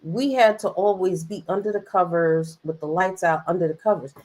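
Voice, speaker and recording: A woman co-hosting a podcast in candid casual chat, blunt and dismissive, dropping her voice low to wave things off. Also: normal speed, darkish tone. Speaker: podcast co-host.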